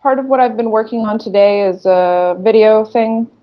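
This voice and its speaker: Brisk woman podcast co-host. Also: on the high side, lo-fi sound. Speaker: podcast co-host, video maker. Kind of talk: casual podcast banter.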